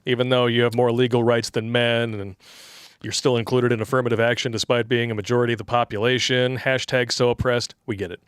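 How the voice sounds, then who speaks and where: A man's voice: medium pitch, little pitch movement, fast, clean tone, no echo, clean studio sound. A man co-hosting a casual livestream, reading donor messages aloud and making crude jokes that he laughs at himself. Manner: crude joking, reads tips aloud, laughs at own jokes.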